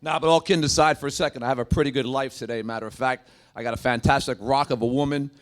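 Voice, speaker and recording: A middle-aged man performing stand-up on a club stage, loud and brash as he works the room. His voice sits at an ordinary pitch, and he keeps the banter rolling with jokes. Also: steady tone, fast. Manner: brash, crowd-working, joking delivery with frequent laughs. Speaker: stand-up comedian. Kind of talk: stand-up comedy set.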